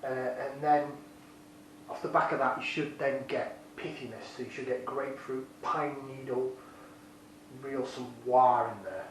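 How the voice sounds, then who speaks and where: A man casually reviewing a beer, enthusiastic and rambling, deliberately keeping his voice down, recorded on a camera's built-in microphone. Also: mid-range voice, steady tone. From United Kingdom. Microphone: built-in camera mic. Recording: very echoey room, distant mic, faint noise.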